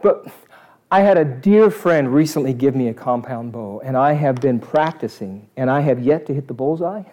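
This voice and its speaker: A man preaching a sermon to a live congregation, animated and asking them questions. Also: mid-range voice, moderate pace. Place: church service before a congregation.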